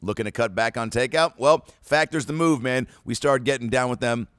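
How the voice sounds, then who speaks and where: A man's voice: mid-range voice, fairly bright tone, clean tone, dry recording, clean studio sound. A man hosting a podcast, asking questions and reading ads in a jokey, upbeat way. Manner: jokey, upbeat, quick to riff. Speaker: podcast host. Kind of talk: casual interview chat and ad read.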